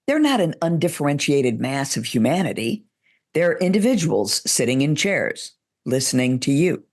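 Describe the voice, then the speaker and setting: Woman coach guest, confident teacher, a bit of fry in the voice. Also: low-pitched, big pitch swings, normal speed, darkish tone. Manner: assured, explains step by step. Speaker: guest expert in public speaking. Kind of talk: instructive interview talk, demonstrating.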